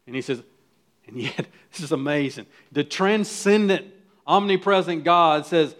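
A man's voice: on the high side, measured pace, fairly bright tone. A man preaching a sermon as pastor, earnest and building to emphatic peaks, with frequent restarts.

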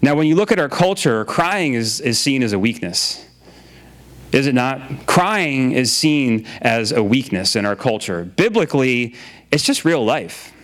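A man's voice: mid-range voice, sing-song, unhurried, fairly bright tone. A man preaching a sermon in a casual, conversational way, often repeating his phrases and using filler words. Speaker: pastor.

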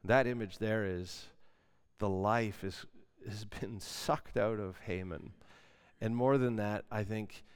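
A man preaching a sermon, dramatic, moving between loud emphasis and hushed asides. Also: on the low side, fairly even intonation, takes it slowly, clear, resonant tone. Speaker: pastor.

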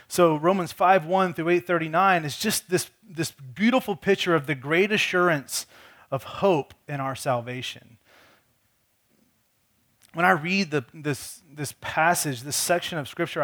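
A man's voice: fairly high pitch, fairly bright tone. A man preaching a conversational sermon, telling a personal story earnestly and often repeating words as he restarts his sentences. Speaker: pastor.

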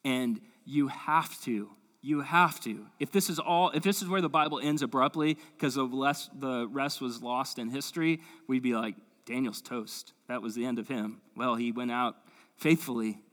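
A man's voice: mid-range voice, normal speed, a bit bright. A male pastor teaching the Bible in an enthusiastic, conversational way, often saying "man" and "like". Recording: long hall reverb.

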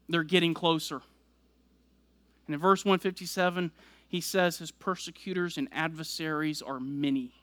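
A man's voice: on the high side, fairly bright tone, no room sound. A man preaching a sermon, explaining scripture verse by verse and building emphasis as he goes. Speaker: pastor.

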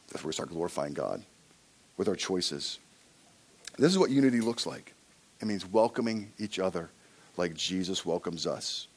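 A man preaching a sermon to a congregation, dropping to soft, low asides and rising to loud, emphatic passages, and acting out inner voices in quoted lines. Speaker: pastor.

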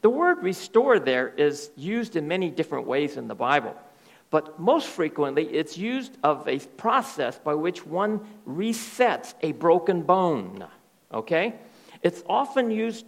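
A male pastor preaching a sermon in an animated way, often dropping to soft, hushed tones. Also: on the high side, vocal fry.

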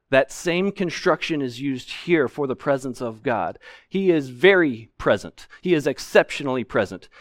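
A man's voice: a little high, no room sound, studio quality. A man preaching a sermon from a pulpit, explaining scripture earnestly and with emphasis. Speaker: pastor. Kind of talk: expository sermon. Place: church sanctuary, at a pulpit.

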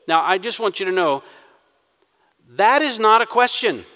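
A man's voice: high-pitched, lively intonation, a little slow, pauses often, sharp tone, in a large hall. A man preaching a sermon, acting out quoted prayers with rising intensity. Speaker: pastor.

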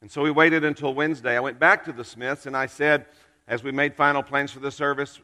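Bright-voiced preacher in a reverberant hall. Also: male voice, medium pitch, flat delivery. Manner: earnest, personal storytelling with dramatic pauses. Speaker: pastor. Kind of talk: storytelling sermon.

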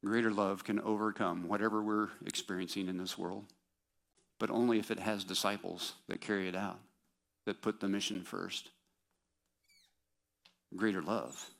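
A man's voice: low voice, vocal fry, fairly bright tone. A man preaching a sermon in a conversational, self-deprecating way, with sarcastic mock quotes.

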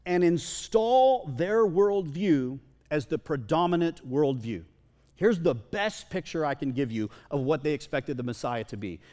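Lively, conversational male pastor preaching. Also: a little high, big-room sound. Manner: conversational preaching with repeated words. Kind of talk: sermon.

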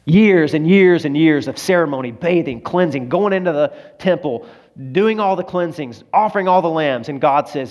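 Close to tears, a man preaches as a pastor, moving between loud emphasis and soft, low moments. His delivery is expressive and at normal speed.

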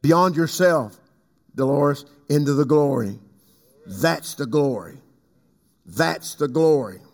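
A man preaching a sermon as pastor. He swings from loud, high passages to quiet low asides and calls on people in the congregation by name. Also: animated, slow, creaky. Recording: long hall reverb.

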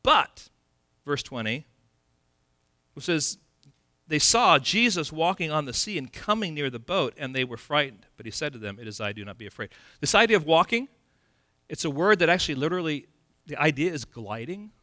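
A male pastor preaching a sermon in a lively, conversational way from California, acting out scenes with playful sound effects. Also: fairly high pitch, normal speed, no echo, studio quality.

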